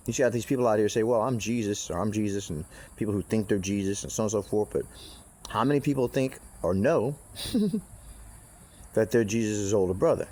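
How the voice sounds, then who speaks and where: A man rambles through a casual monologue, swearing freely, circling back on himself, restarting sentences and adding asides. His voice is lowish and darkish with a breathy edge.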